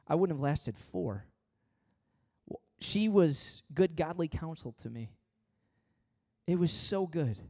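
A man's voice: fairly high pitch, darkish tone. A middle-aged man preaching a conversational sermon, emphatic and full of repetition and anecdotes. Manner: emphatic, repetitive, anecdotal, talks straight to the congregation. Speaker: pastor.

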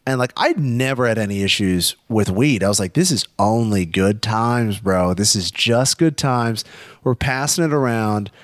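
A young man telling a story in casual chat, animated, swearing often and acting out quotes. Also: lowish voice, moderate pace, no echo, studio quality.

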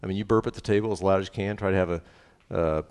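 A man, a pastor, preaching a sermon in a lively, conversational way, often checking in with the congregation. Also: sits low, racing, clear, resonant tone, big-room sound. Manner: lively, conversational preaching with frequent "right?" asides.

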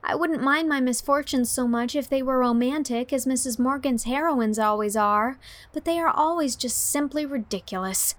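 A woman's voice: high voice, moderate pace, dry recording, natural voice. A woman voicing an imaginative, talkative teenage heroine who gushes dramatically. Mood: dramatic. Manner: effusive, dramatic.

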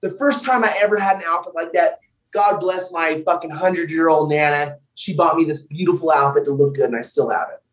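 A man's voice: fairly high pitch, a little fast, far from the mic, poor audio. Profane young man telling road stories. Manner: profane, animated storytelling. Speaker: wrestler guest. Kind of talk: casual podcast storytelling.

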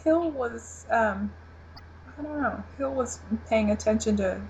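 A woman co-hosting a casual TV recap chat, giggling often and pausing with ums and restarts. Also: a little high, darkish tone, a little hiss or hum, poor audio. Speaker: podcast co-host.

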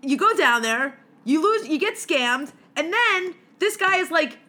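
A woman hosting a relaxed interview. Her voice is high, bright and swings widely in pitch. She jumps in eagerly with questions and reactions. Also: a little slow. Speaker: host. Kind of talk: casual interview chat.

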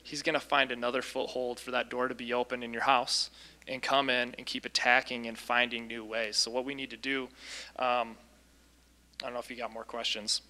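A man casually recounting a deliverance story as a Christian minister, lively, with frequent ums and restarts. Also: mid-range voice, moderate pace.

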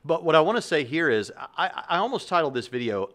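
A man's voice: on the high side, very animated, a little fast, fairly bright tone. Rambling man talking through an argument. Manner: thinking aloud, many fillers and restarts. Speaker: Christian apologist video host. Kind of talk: casual talk to camera.

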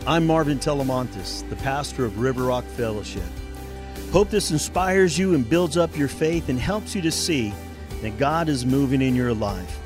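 A man's voice: medium pitch, lively intonation, normal speed, music in the background. A man, a pastor, delivering a sermon with dramatic storytelling.

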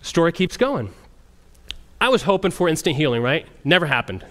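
A man who works as a missionary, telling a story to a group in an animated way and often restarting his sentences. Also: a little high, moderate pace. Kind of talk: storytelling testimony talk.

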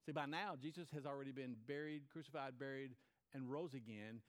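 A man's voice: mid-range voice, fairly quick. A man preaching a sermon, retelling a story with repeated phrases and acted-out quotes. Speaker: pastor.

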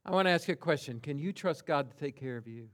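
A male pastor with a fairly high, animated voice preaches a sermon emphatically and deliberately. He swings from hushed tones to loud cries and stresses single words.

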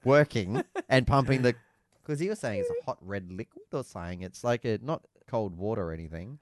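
A man's voice: lowish voice, huge pitch swings, fast talker, a little mellow, no echo, studio quality. A man co-hosting a casual chat, joking and acting out quotes. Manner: jokey, acts out quotes in funny voices. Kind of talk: casual chat about motor racing.

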